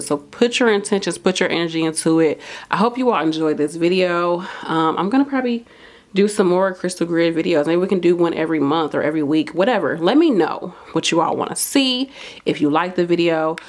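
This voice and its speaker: Low-voiced woman hosting a chatty how-to. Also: expressive, brisk. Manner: chatty, encouraging, many fillers. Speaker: crystal shop owner and video host. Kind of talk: casual how-to talk to camera.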